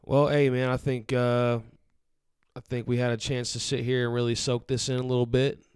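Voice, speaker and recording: A man hosting a postgame fan chat, steady and upbeat as he plugs the show. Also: medium pitch, moderate pace, clear, resonant tone, no echo, clean studio sound. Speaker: host.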